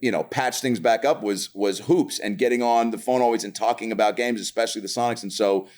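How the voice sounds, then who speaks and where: A man in his thirties from the Seattle area, a comedian guest telling animated, profane stories in casual chat. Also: on the low side, a little fast.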